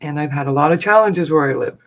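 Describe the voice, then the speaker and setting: Middle-aged woman, low voice, rambling live-stream storyteller, lots of filler words. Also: quick pace. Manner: chatty, heavy with fillers like "like" and "um". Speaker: live streamer and forest therapy guide.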